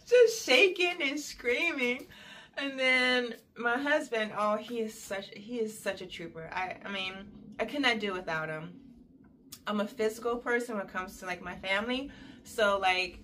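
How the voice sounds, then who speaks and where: A woman's voice: normal speed, a little hiss or hum. Chatty woman telling a story. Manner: animated, acts out quoted voices with big pitch jumps; chatty and detailed, with fillers. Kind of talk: casual personal storytelling.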